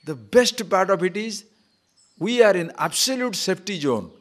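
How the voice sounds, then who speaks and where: A man giving a spiritual discourse to a live class, asking rhetorical questions and acting out little shouted scenes. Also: high voice, animated, normal speed. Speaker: spiritual teacher.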